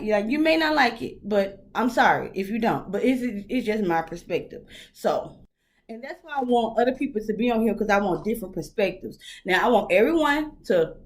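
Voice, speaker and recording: A woman hosting her own talk vlog, talking casually and frankly in a rambling way, with lots of fillers and swearing. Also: medium pitch. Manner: blunt, opinionated, swears freely. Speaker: host. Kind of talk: casual solo vlog monologue.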